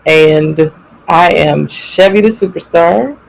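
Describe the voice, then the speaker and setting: Co-host, gravelly creaky voice, mid pitch, playful and expressive casual delivery. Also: slow, rough recording. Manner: expressive, playful, gets animated. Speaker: podcast co-host. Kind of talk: casual chat.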